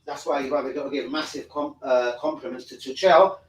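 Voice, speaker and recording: A man's voice: medium pitch, fairly even intonation, a little fast, heavy background noise. A man, chatting loosely and swearing as he hosts a football fan live stream. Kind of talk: casual live stream chat.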